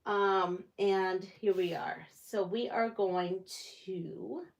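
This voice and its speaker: A woman's voice: mid-range voice, fairly even intonation, very slow, muffled recording. A woman hosting a casual live quilting stream from her quilting room, chatting with viewers and laughing often. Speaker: quilting channel host. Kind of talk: casual live-stream chat while sewing.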